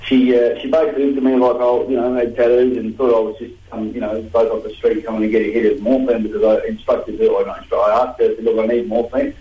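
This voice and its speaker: A man's voice: on the low side, level tone, fast talker, hardly any pauses, roomy sound, dull audio. A man in his thirties with an Australian accent, talking bluntly and combatively as a guest on a radio show. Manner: blunt, combative, slang-heavy. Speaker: guest boxer. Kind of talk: radio phone-in interview.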